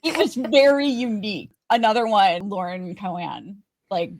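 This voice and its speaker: A woman's voice: mid-range voice, moderate pace, noisy background. A woman co-hosting a casual TV review podcast, talking emphatically with frequent restarts. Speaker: podcast co-host. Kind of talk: casual chat reviewing a TV show.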